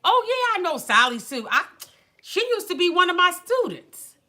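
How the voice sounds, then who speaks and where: Brief: a smug dance instructor bragging in a high, drawn-out voice, as a woman mimics her, bright tone. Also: big pitch swings, full character voice. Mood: boastful.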